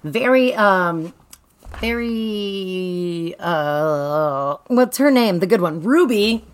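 A woman's voice: fairly low pitch, expressive, slow pace. A woman co-hosting a casual book recap, laughing often and mocking the characters in put-on voices. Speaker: podcast co-host.

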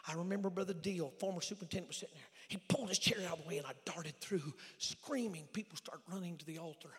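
Middle-aged evangelist, bright high voice, hushed storytelling that swells to shouted preaching, big church reverb. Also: male voice, fast talker. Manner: storytelling, drops to near-whispers then builds to shouting. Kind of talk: sermon with personal testimony. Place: large church sanctuary. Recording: long hall reverb.

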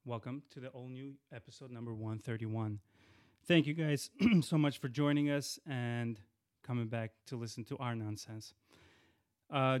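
A man in the host's chair of his own podcast, talking casually and a little rambling, stumbling and restarting as he goes. His voice is smooth and clear, sitting at an ordinary middle pitch for a man. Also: a little mellow. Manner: chatty, rambling with frequent restarts. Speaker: podcast host. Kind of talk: casual solo podcast intro.

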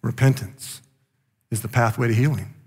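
A male pastor preaching a sermon with passion, rising loud and then dropping quiet. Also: mid-range voice, steady tone, normal speed, breathy edge, long reverb tail.

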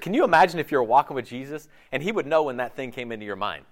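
A man preaching a sermon in a conversational, animated way, often slipping into quick voiced asides. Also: mid-range voice. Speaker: pastor.

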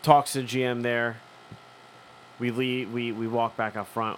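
A man's voice: medium pitch, flat delivery, measured pace, long pauses, a little hiss or hum. A man, co-hosting a casual chat and acting out both sides of a profane story. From Philadelphia. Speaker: podcast co-host.

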